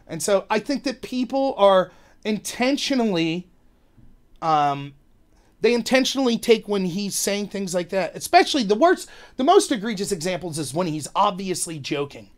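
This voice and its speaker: A man hosting a podcast, delivering an animated, rambling opinion monologue and acting out quotes in other voices. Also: high voice. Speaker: podcast host.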